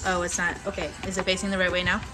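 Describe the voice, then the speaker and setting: A woman's voice: fairly low pitch, level tone, very fast. A woman hosting a casual home livestream with her young child, chatty and playful, laughing often. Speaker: livestream host and mother. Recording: livestream with music playing behind. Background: music playing.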